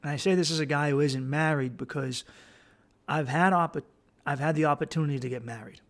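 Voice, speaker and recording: A man with a somewhat high, gravelly voice talks straight into the mic, blunt and profane as he hands out advice. He rambles and restarts his sentences as he goes. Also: fairly even intonation, brisk. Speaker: podcast host. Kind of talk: casual advice monologue.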